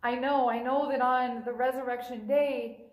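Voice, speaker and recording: A woman's voice: sits high, fairly even intonation, moderate pace, echoey room, rough recording. A woman preacher giving a sermon, retelling a scripture story in a conversational way and briefly acting out the quoted lines. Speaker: pastor.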